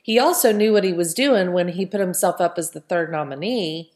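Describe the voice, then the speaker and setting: A woman's voice: fairly low pitch, a little fast, a little mellow. A woman hosting a casual podcast chat, talking loosely and often tagging her points with "right?". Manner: chatty, keeps adding "right?". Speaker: podcast host.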